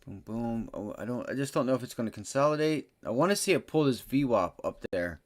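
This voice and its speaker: Brief: a man as a brash day-trading livestream host, foul-mouthed and blunt, mid-pitched, muttering then erupting. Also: fairly quick. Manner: profane, blunt, excitable, swings from muttering low to loud bursts. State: frustrated. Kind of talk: live trading commentary.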